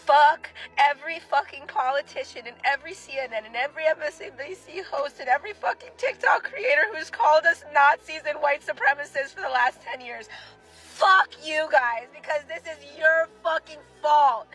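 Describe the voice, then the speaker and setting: Furious high-voiced woman ranting. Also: normal speed, bright, forceful tone, soft background music, low-quality recording. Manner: furious, swearing, heartbroken. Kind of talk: angry social media rant.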